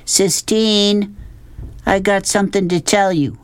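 A man doing a quiet boy. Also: a little high, slow, clean tone, no room sound, voice pushed up. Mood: earnest. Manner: plain, short replies. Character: stubborn quiet young boy.

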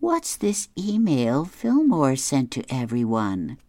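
A woman's voice: extremely low pitch, wildly swooping pitch, slow, mellow, no room sound, voice pushed up, heavily acted. A woman voicing a curious female sea turtle from a comic strip, asking casually.

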